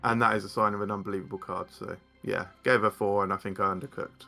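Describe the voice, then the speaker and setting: A man's voice: on the low side, steady tone, quick pace, gravelly, sharp tone, faint music behind. A man chatting casually as a guest, rambling with frequent fillers and restarts. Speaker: guest card game content creator. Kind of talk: casual chat.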